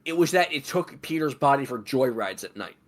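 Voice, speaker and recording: A man's voice: medium pitch, lively intonation, a little fast. Opinionated, swearing man co-hosting a stream. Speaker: stream moderator and co-host. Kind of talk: casual chat about a video game.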